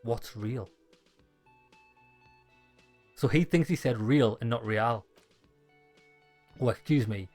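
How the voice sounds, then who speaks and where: A man's voice: mid-range voice, measured pace, pauses often, darkish tone, soft background music. A man playing a dialogue-heavy game, reading the lines aloud and adding wry jokes. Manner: wry, joking asides between read lines. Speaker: gaming YouTuber.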